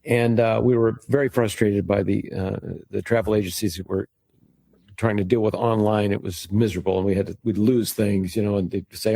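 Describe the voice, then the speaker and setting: A man's voice: fairly low pitch, fairly quick, creaky, warm tone, no room sound. An American man, a guest impressionist, telling wry stories in a casual podcast interview. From United States. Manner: wry, storytelling, restarts often.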